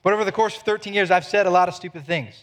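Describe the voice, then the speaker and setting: A man's voice: sits high, rapid-fire, fairly bright tone. A man in his thirties, a pastor preaching a sermon, who keeps pressing his listeners with direct questions.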